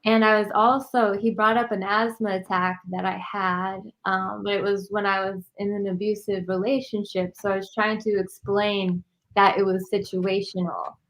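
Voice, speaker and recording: A woman's voice: medium pitch, level tone, moderate pace, rough recording. A woman speaking as a guest on a podcast, talking casually and thoughtfully about her own experience. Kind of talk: casual chat.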